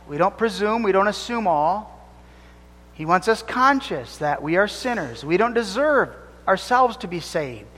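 A man's voice: high-pitched, a bit bright. A man preaching a sermon as pastor, fervent and emphatic, rising and falling as he drives points home. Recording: long reverb of a church hall.

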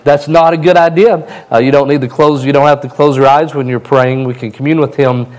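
A man preaching a sermon in a plain, conversational way, his voice a little hoarse. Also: medium pitch, level tone, fast, a little mellow, rough recording. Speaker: pastor.

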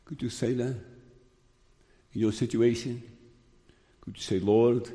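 A man preaching a sermon, slow and emphatic, repeating key phrases. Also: medium pitch, fairly even intonation, mellow. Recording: long hall reverb.

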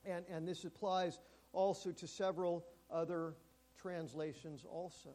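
A man preaching a sermon in a church. He speaks emphatically and slows down and drops to a hush on key words. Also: sits high, flat delivery. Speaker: pastor.

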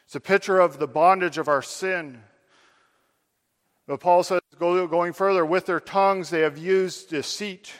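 A man's voice: high-pitched, steady tone, measured pace, long reverb tail. A man preaching a sermon, addressing his listeners directly with earnest, building emphasis.

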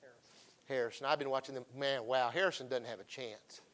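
A middle-aged man preaching a folksy revival sermon, emphatic and swinging between loud calls and hushed asides. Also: medium pitch, steady tone, brisk, a little hiss or hum.

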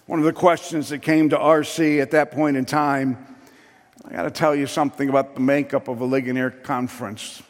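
A man preaching a sermon with passion, building to loud emphatic peaks. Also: medium pitch, flat delivery, fairly quick, big-room sound.

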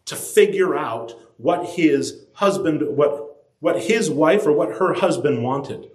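A man preaching a sermon, lively and animated, acting out quoted voices with his pitch climbing high. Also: unhurried. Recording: echoey room.

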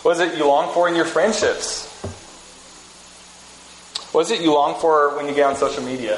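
Man, pastor, conversational sermon, slightly high voice, echoey hall. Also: moderate pace, long pauses, slight background noise. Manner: relaxed, storytelling, frequent restarts. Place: church sanctuary. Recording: echoey room with faint ambience.

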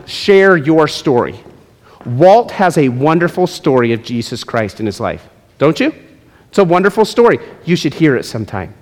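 A male pastor preaching a sermon in a church, with emphatic delivery and playful asides. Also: medium pitch. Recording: long hall reverb.

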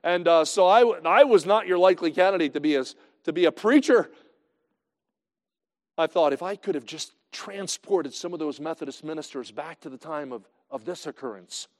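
A male pastor preaching a sermon in a conversational way, swinging from loud to hushed. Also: high-pitched, long reverb tail.

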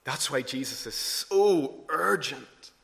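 A man preaching a sermon earnestly, rising to emphatic peaks and then dropping low and soft. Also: animated, slow, creaky. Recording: long hall reverb.

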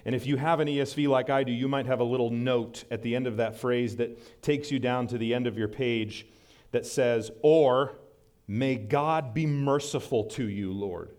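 A man delivering a sermon from a pastor's pulpit, in a mid-range voice for a man. He speaks earnestly and pushes his pitch upward whenever he stresses a point. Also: steady tone, brisk, darkish tone. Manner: earnest, rises in pitch for emphasis and acted quotes.

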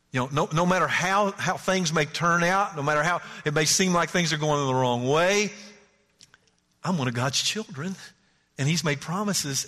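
A male pastor preaching a sermon in an emphatic way, repeating words and dropping into quiet asides. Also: on the high side, long reverb tail.

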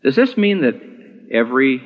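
A male pastor preaching a sermon, emphatic, lifting his voice to stress points and then dropping low. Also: big pitch swings, moderate pace. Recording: dull lo-fi recording with long hall reverb.

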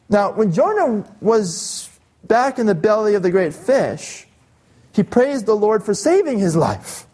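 Man, pastor, high voice, scripture reading, deliberate emphasis. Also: big pitch swings, darkish tone, breathy edge. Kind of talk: expository sermon reading scripture aloud.

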